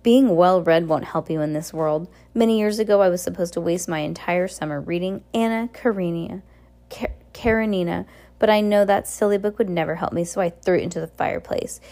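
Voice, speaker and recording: A woman's voice: lowish voice, brisk, mellow, lightly acted. A woman voicing a scornful, vain villainous woman in an audiobook, with a mocking, sneering delivery. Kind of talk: audiobook reading.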